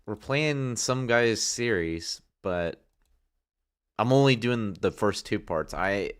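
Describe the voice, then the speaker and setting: A man's voice: lowish voice, animated, takes it slowly, clean tone. A man hosting a gameplay livestream, chatting loosely with viewers, with plenty of fillers. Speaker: livestream host. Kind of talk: casual gameplay livestream commentary.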